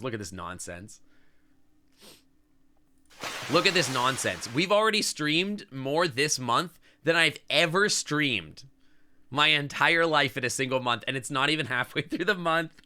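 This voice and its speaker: A man's voice: mid-range voice, sharp tone, smooth. A man streaming live, chatting casually and sentimentally to his chat, rambling with lots of "like" and "I don't know". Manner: reads and answers chat as he talks.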